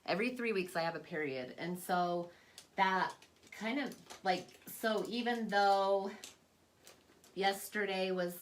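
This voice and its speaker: A woman's voice: mid-range voice, slow pace, a little hiss or hum. A young adult woman chatting casually in a makeup vlog at home, rambling with lots of fillers. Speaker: vlogger. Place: at home, away from her desk.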